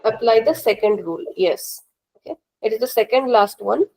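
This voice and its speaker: A woman teaches an online class in a slightly raised voice. She is patient and methodical, going over each rule again and asking students whether it is clear. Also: a little high, moderate pace, darkish tone, rough recording. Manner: patient, repeats rules and checks understanding. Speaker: language teacher. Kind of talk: live online class instruction.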